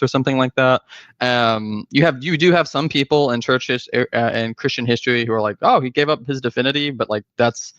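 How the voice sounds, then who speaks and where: A man presenting his book's argument in a casual academic style, talking fast with many fillers and restarts over a video call. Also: mid-range voice, a bit bright, no room sound, lo-fi sound. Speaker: guest presenter, author.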